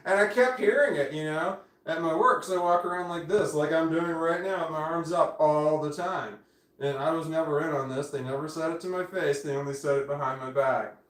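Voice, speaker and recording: A man in his forties livestreams casually from home on his phone camera, rambling, swearing and often cutting himself off mid-sentence. His voice sits on the high side, a little fast and a bit bright, and the audio is off-mic in an echoey room.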